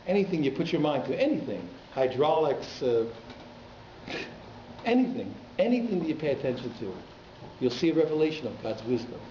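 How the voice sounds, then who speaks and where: A rabbi gives an informal Torah class to his congregation in a synagogue hall, chatting conversationally and throwing teasing asides to the audience. His voice is fairly high, mellow and very animated, and he speaks briskly. The echoey hall leaves the recording slightly muffled, with a little hiss or hum.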